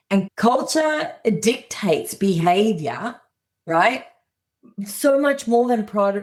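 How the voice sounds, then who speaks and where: A middle-aged woman speaking earnestly as a guest on a podcast interview, acting out little scenes in quotes. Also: mid-range voice. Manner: earnest, plainspoken, acts out dialogue in quotes. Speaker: guest psychologist.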